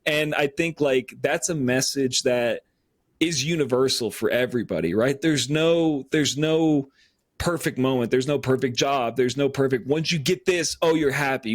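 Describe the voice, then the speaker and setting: A man's voice: medium pitch, no room sound, studio quality. A man co-hosting a casual podcast chat, talking earnestly and rambling with many fillers, getting choked up. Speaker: podcast co-host.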